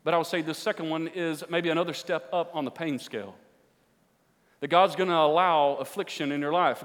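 Emphatic preacher. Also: male voice, high-pitched. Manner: emphatic, rising to near-shouting at key points. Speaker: pastor. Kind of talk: sermon. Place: church sanctuary with an audience. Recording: long hall reverb.

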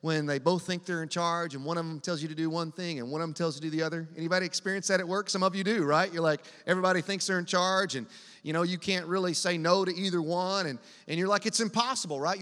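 A man preaches to a congregation in an easy, conversational way, pressing his points and asking the room to answer back. His voice sits high and sounds bright and forceful. A long hall reverb trails behind him. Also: steady tone, brisk. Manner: asks the congregation to respond, conversational and emphatic. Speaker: pastor. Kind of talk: sermon.

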